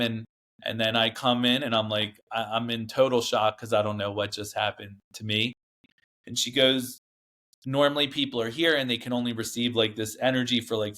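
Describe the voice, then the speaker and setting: A man's voice: mid-range voice, fairly bright tone. Earnest man telling a long story. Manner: rambling, earnest, many fillers and restarts. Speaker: podcast guest. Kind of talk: casual storytelling interview.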